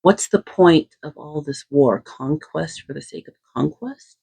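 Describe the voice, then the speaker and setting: Woman voicing a proud warrior prince, husky. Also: sits low, measured pace, mellow, full character voice. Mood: earnest. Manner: earnest, pleading questions.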